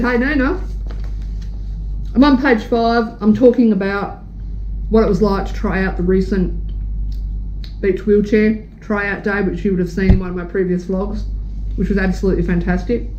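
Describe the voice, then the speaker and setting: An Australian woman talks straight to camera in a chatty, self-mocking vlog. Her voice sits at an ordinary middle pitch. Traffic noise runs clearly behind her as she rolls down the street. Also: fairly even intonation, moderate pace, long pauses, darkish tone, highs cut off. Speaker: vlogger. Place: outdoors on a street in a wheelchair.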